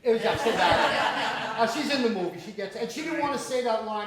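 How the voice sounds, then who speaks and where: A man's voice: high voice, a little fast, crowd noise. A man, telling stories and laughing as he takes questions after a screening of his film. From the Bronx, New York. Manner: storytelling, laughing often, swearing. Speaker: independent filmmaker. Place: small cinema venue. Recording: echoey room with audience. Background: audience.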